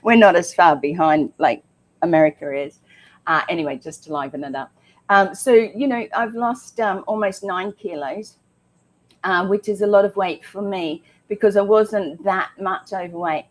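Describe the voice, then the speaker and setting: A woman's voice: lowish voice, moderate pace. Chatty woman on health. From Australia. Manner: chatty, emphatic, frequent ums. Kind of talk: casual health talk.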